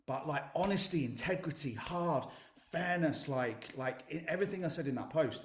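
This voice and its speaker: A man's voice: a little high, lively intonation, normal speed. A man leading a motivational coaching session, blunt and emphatic, swearing freely. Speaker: mindset coach. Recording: roomy echo.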